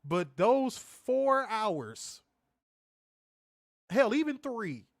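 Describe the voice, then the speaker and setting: A man co-hosting a casual streamed chat, telling stories in an animated, profane way with loud bursts. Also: very high voice, very slow, creaky, no room sound, clean studio sound. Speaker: co-host of a wrestling review show.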